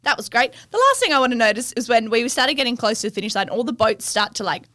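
A woman's voice: on the high side, quick pace, no echo, studio quality. A young woman, co-hosting a casual podcast and telling stories with lots of laughter and acted-out quotes. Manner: animated storyteller, laughs often, acts out quotes. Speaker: podcast co-host. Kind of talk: casual chat.

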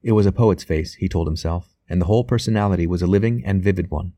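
A man reading a novel aloud as audiobook narrator, in a measured, even way. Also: deep voice, no room sound. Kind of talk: scripted narration.

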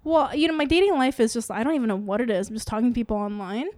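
A young woman co-hosting a casual podcast, rambling and filling her talk with "like". Her voice sits a bit high, and it is recorded close and dry, with no room sound. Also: racing, a little mellow, no room sound. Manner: rambling, frequent "like" fillers. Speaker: podcast co-host.

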